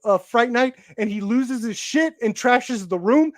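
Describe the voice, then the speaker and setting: A man co-hosting a casual podcast, recapping a movie in a rambling, halting way with many restarts. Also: extremely high pitch, animated, dry recording. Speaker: co-host reviewing a movie.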